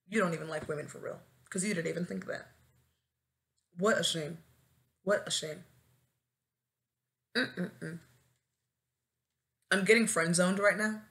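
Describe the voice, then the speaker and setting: Bright-voiced young woman podcaster. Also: lowish voice, fairly even intonation, fairly quick, vocal fry. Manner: dramatic, swings into wailing and shouting for comic effect. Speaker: podcast host; new teacher. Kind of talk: casual solo podcast chat.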